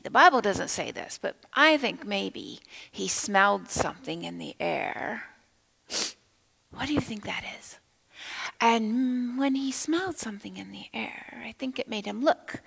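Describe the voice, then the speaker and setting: A woman storyteller at children's time in a church, with a mid-pitched voice that has a gravelly edge. She keeps the children involved by asking them questions and sometimes lowers her voice to a whisper for effect. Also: low-quality recording. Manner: animated, asks the children questions, drops to a whisper at times. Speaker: children's minister. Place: church sanctuary.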